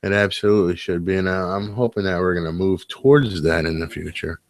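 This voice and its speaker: Gravelly low-voiced opinionated man. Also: no echo, studio quality. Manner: opinionated, halting restarts, crude jokes. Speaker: podcast co-host. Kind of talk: casual late-night podcast chat. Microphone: webcam setup.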